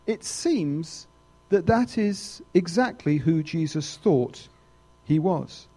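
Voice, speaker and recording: A man preaching a sermon, emphatic and animated. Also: slow. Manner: animated, wide swings in pitch, emphatic.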